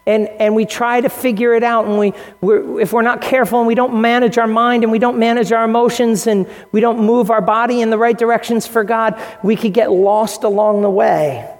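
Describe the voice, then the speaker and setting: A man's voice: extremely high pitch, little pitch movement, brisk, few pauses, in a large hall. A male pastor preaching a sermon in an earnest way, acting out the quotes he tells. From United States. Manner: earnest preaching, acts out quotes in shifting voices. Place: church hall.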